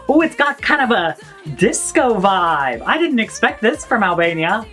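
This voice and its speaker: A woman hosting a song reaction video, effusive and bursting into shouts, gasps and bits of singing along. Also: medium pitch, very animated, moderate pace. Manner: sings and hums along. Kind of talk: excited song reaction commentary. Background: faint music.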